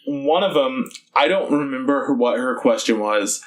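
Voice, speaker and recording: A man's voice: medium pitch, normal speed. A man co-hosting a podcast, chatting casually with wry, laid-back remarks. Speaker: podcast co-host.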